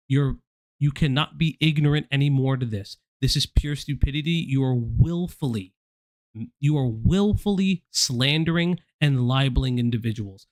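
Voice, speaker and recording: A man with a fairly high voice delivers a heated, profane commentary rant. His tone is blunt and lecturing. The sound is dry and close, with no room around it. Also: no echo. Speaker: commentary streamer.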